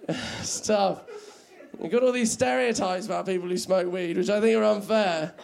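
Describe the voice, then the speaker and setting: A man's voice: high-pitched, moderate pace, vocal fry, noisy background. A man performing a stand-up comedy set, rambling and self-mocking and laughing at his own jokes.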